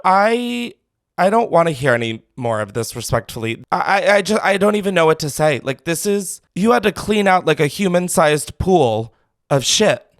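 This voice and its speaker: Lively, campy male call-in host. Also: a little high, normal speed, no echo, clean studio sound. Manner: dramatic, campy reactions. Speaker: podcast host taking calls. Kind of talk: casual call-in chat.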